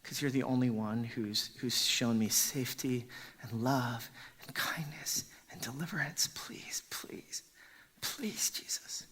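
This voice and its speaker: A man voicing a desperate man freed from demons in a whispered role-play, breathy and pleading. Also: medium pitch, slow pace, a bit bright.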